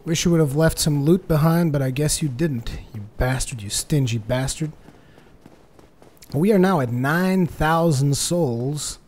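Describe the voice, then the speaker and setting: A man doing joking, sarcastic gameplay commentary, getting excited during fights. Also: a little high, normal speed, hardly any pauses. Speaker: let's play commentator.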